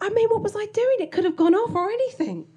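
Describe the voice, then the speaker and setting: A woman's voice: very high voice, lively intonation, fast, dark tone. A woman telling a comic story from her own life on stage, wry and self-mocking, often laughing through her lines.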